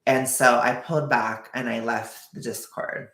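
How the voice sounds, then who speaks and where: A man's voice: mid-range voice, steady tone, unhurried, a bit bright. Man, candid rambling storytelling, emotional, vlog, roomy echo. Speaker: vlogger. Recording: echoey room.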